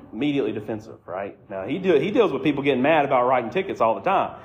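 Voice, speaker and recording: A man's voice: medium pitch, very animated, quick pace, hardly any pauses, lo-fi sound. A man preaching a sermon as a conversational, self-deprecating story. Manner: conversational, self-deprecating, acts out quoted voices. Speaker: pastor.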